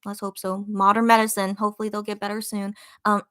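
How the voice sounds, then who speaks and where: Bright-voiced excited woman fan host. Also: mid-range voice, a little fast. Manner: excited, gushing fan talk with many fillers. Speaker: podcast host reading live chat comments. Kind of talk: casual livestream chat.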